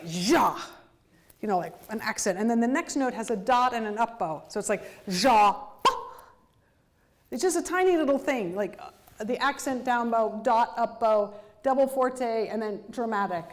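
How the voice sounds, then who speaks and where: A woman's voice: fairly high pitch, moderate pace. Woman composer lecturing, scatting rhythms. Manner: sings rhythms out in syllables to illustrate music; animated, detail-focused explanation. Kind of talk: university lecture.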